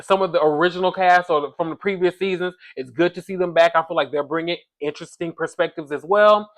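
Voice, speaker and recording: A man's voice: fairly high pitch, fast, fairly bright tone. A man hosting a casual reality TV recap, chatty and gossipy, talking straight to his viewers.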